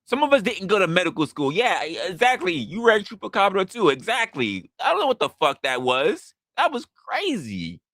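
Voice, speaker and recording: A man's voice: sits high, normal speed, few pauses, no room sound, clean studio sound. A man hosting a live stream, reacting to chat and telling a story with a lot of swearing, voicing the people in it, while he drinks. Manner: profane, animated storytelling with voiced quotes. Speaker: podcast host.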